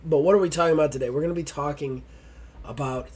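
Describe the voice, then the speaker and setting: A man's voice: a little high, fairly even intonation, fast, a little mellow, husky. A man hosting a gaming podcast, sounding sick and stuffy, grumpy and blunt, swearing casually. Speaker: podcast host. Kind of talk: casual chat.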